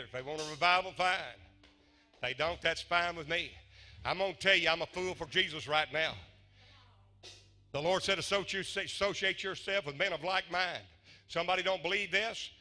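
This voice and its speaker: Fiery revival preacher, a man with a bright, forceful voice. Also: a little high. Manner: fiery, swings from hushed to shouting. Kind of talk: revival sermon.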